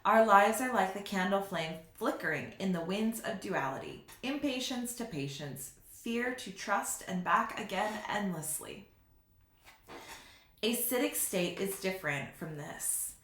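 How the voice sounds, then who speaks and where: Bright, reflective woman in a roomy space. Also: medium pitch. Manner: slow, reflective, laughs at herself. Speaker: spiritual teacher. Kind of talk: reflective spiritual teaching vlog. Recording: roomy echo.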